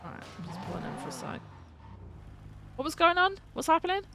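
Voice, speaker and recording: Gravelly woman streaming roleplay. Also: extremely high pitch, very animated, fast talker. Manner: blunt and swears casually. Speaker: streamer playing a police undersheriff. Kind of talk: casual in-game roleplay chat. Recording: game and car noise behind.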